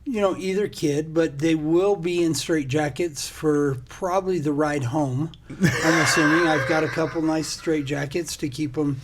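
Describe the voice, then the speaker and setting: A man's voice: on the high side, measured pace, slight background noise. A middle-aged man co-hosting a podcast, chatting casually and telling stories animatedly with frequent laughter. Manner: animated storyteller, laughs often. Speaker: podcast co-host. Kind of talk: casual chat.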